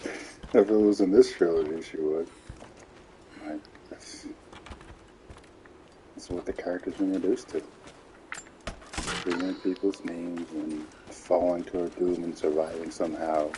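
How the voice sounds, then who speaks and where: A man's voice: sits low, steady tone, a little slow, pauses often, noisy background. A man giving casual, mocking commentary over game footage, laughing often.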